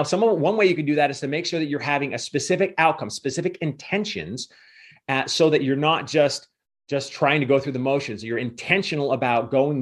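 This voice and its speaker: A man giving a motivational coaching talk as a guest speaker, emphatic and repetitive in his delivery. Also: fairly high pitch.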